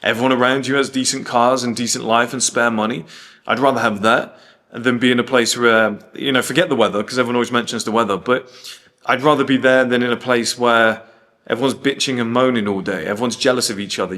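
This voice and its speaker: A British man hosts a casual monologue, his medium-pitched voice brisk and fairly bright with fairly even intonation. He talks bluntly, telling stories packed with quoted dialogue and swearing.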